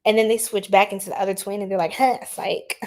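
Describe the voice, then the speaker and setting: A woman's voice: medium pitch, flat delivery, very fast. A woman hosting an astrology livestream in casual, slangy chat, laughing often and reacting to viewers' comments.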